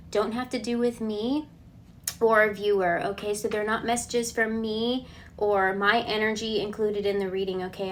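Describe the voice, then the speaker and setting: A woman giving a casual collective tarot reading, relaxed and reassuring. She thinks aloud and often checks in with a questioning "okay?". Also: medium pitch, a little hiss or hum. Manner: chatty, ends points with a questioning "okay?". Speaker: tarot card reader.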